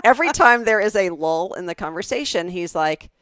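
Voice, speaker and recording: A woman's voice: fairly low pitch, expressive, fairly quick, fairly bright tone, no echo, studio quality. A woman in her forties co-hosting a podcast, telling rambling stories in casual chat with lots of restarts. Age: 40s. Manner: chatty storyteller with many restarts. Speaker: podcast co-host.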